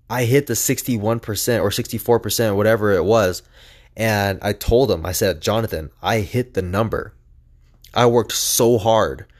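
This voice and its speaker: Young man rambling through a personal story. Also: lowish voice. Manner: rambling, heavy use of "like", earnest.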